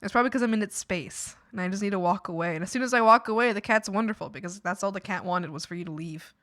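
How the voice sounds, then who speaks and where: A woman's voice: mid-range voice, fast talker, a bit bright. A woman streamer chatting casually with her viewers, rambling with lots of fillers and frequent laughs.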